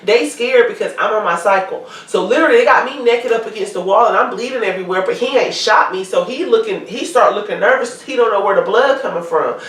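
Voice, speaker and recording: Woman guest, lively storyteller, roomy distant sound. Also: medium pitch, quick pace, few pauses. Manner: animated, acts out quoted voices. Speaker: guest telling her story. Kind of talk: casual storytelling interview. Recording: echoey room, distant mic.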